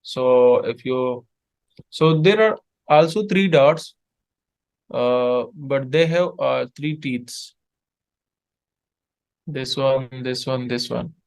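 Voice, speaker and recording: A man teaching letters in an online lesson, patiently repeating sounds in halting English. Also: mid-range voice, creaky, darkish tone, smooth. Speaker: Arabic tutor. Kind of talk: one-on-one online language lesson.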